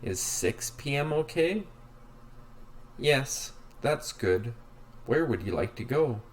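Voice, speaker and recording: Guy reading simple english dialogues super slow for learners, both parts himself. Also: mid-range voice, animated. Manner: reads both sides of each dialogue, very slow and evenly spaced.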